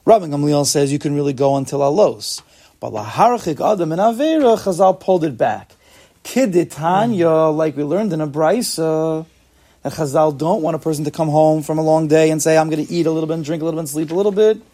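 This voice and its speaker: A man's voice: on the high side, expressive, fairly quick, warm tone. A man teaching an informal Talmud class, explaining step by step and asking and answering his own questions.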